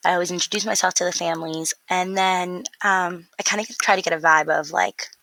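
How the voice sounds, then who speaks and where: A young early childhood educator tells stories casually in an interview, animatedly acting out the voices of people she quotes. Her gravelly voice is fairly low and fairly quick, and the low-quality recording has no echo.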